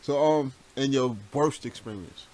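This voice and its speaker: A radio host asking a guest questions in a relaxed, laughing way. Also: mid-range voice, unhurried. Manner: relaxed, laughs often, short backchannels. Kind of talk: casual interview chat.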